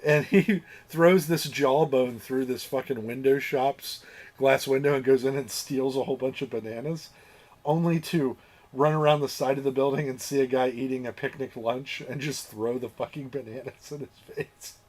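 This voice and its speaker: A man's voice: mid-range voice, steady tone, moderate pace, darkish tone. Profane laughing man recapping a movie. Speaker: podcast host. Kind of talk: casual movie review chat.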